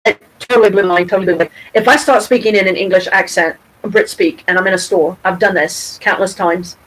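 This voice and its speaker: A middle-aged woman from Michigan telling a story to her camera at home, rambling and animated, with frequent restarts and casual swearing. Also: medium pitch, fast talker, low-quality recording. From Pontiac, Michigan, USA. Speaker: vlogger. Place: at home, with her cat nearby.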